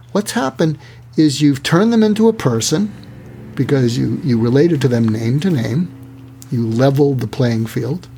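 An author being interviewed explains techniques conversationally, animatedly acting out example dialogue. He's a man whose voice sits on the high side, gravelly with a breathy edge.

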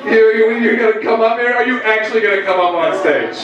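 A man on stage calling out a heckler, loud and defiant. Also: high-pitched, fast talker, echoey room, highs cut off. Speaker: stand-up comedian.

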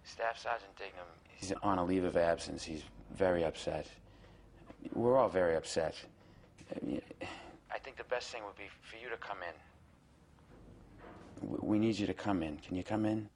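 A calm, smooth-talking police sergeant in a film scene. His low voice stays quiet and soothing as he coaxes the caller. He sounds persuasive and even. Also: moderate pace, a little hiss or hum. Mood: coaxing.

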